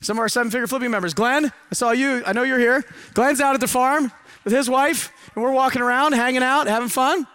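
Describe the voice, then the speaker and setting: A middle-aged man speaking at a live seminar with a high, bright and forceful voice. He preaches with energy and drops into hushed asides between loud urging. The sound is dry and close. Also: brisk, clean tone, no echo. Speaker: motivational speaker. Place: event hall with a live audience.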